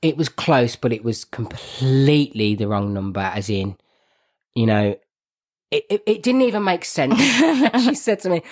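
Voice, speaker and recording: Lively man with a Birmingham accent. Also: medium pitch, unhurried. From Birmingham, England. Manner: laughs often, self-mocking, animated telling. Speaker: podcast co-host. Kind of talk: casual chat, storytelling.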